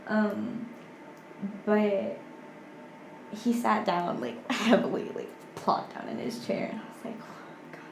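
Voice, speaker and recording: A young woman in her twenties, a podcast guest chatting casually and softly, with lots of "like". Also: medium pitch, slow, creaky, reverberant, noisy background. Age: 20s. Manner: soft-spoken, heavy use of "like". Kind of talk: casual chat.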